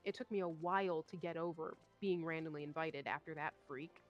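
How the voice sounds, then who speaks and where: A young woman streamer telling a story in casual chat, animated and swearing, acting out what others said. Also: deep voice, a little fast, lo-fi sound, soft background music. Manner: animated, swearing, acts out quoted voices.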